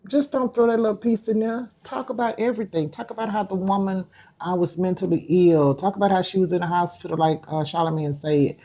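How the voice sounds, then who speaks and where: Woman YouTuber, dark husky tone, indignant ranting commentary, muffled lo-fi audio. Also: lowish voice. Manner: indignant, talks straight at her target. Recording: dull lo-fi sound.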